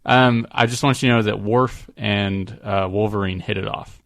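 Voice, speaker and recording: A man's voice: fairly low pitch, fairly even intonation, normal speed, creaky, a bit bright. A man co-hosting a podcast in casual chat, rambling with lots of "like" and laughing often. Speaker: podcast co-host. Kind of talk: casual chat, reading listener letters.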